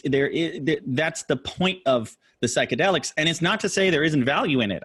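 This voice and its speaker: A man co-hosting a podcast as a hypnotist, speaking in a thoughtful, measured way and sharing quotes. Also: mid-range voice, fairly bright tone. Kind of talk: casual conversation.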